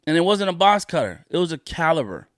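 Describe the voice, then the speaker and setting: A man's voice: on the high side, very animated, fast, fairly bright tone, dry recording, clean studio sound. Profane, indignant man hosting a podcast. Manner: profane, indignant, repeats his points for emphasis. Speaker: podcast host. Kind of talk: solo podcast rant.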